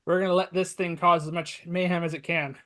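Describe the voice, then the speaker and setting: A man playing a tabletop game, chatty and quick to lay out his plans. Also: high voice, level tone, pushed and bright. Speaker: player. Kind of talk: casual tabletop game play.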